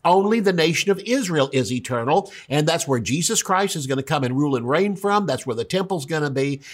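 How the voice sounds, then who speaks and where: A middle-aged male pastor preaching with emphatic, animated delivery. His voice sits a little higher than most men's, and it leaps up when he acts out voices. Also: brisk. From United States. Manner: emphatic preaching, rising high for acted quotes. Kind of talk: sermon.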